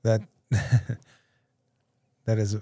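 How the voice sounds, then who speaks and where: This thirtysomething podcast host speaks very slowly in a mellow voice, with no room sound. During a casual studio chat he tells a story, laughing a lot and performing different voices.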